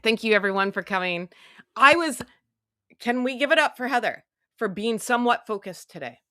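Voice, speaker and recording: A woman's voice: on the high side, quick pace, a bit bright, no room sound, clean studio sound. A woman hosting a casual livestream, chatty and self-mocking, muttering to herself as she goes. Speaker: livestream host.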